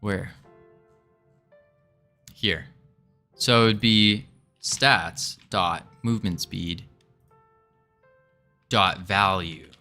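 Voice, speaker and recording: A man's voice: low voice, extremely slow, pauses often, pushed and bright, faint music behind. A man streaming his game development work, chatting casually and thinking aloud while he codes, joking and rambling as he goes. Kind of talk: casual live-stream chat while coding.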